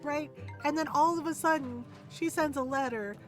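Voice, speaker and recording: Casual woman streamer, kinda high voice, sarcastic rambling, quiet game music behind. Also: normal speed. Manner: sarcastic, chatty, lots of "like" and "right?".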